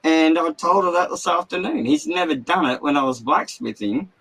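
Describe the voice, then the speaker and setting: A man's voice: fairly high pitch, wildly swooping pitch, normal speed, vocal fry, a bit bright, breathy edge, poor audio. Agitated swearing Australian man. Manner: agitated, heavy swearing, rambling. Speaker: livestream host. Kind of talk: casual livestream rant. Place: caravan.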